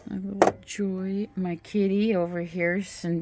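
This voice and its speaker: A woman vlogging casually from California films her home and garden, indoors and out, on a phone she holds while chatting in a rambling, talkative home-tour way and using a high sing-song with her pets. Her voice has little pitch movement, she speaks a little slowly, and the recording is very noisy.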